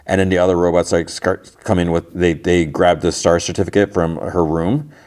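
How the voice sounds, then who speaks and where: A man's voice: deep voice, flat delivery, moderate pace, darkish tone. A man hosting a podcast, casually recapping a TV episode in a rambling way with many fillers and restarts. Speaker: podcast host.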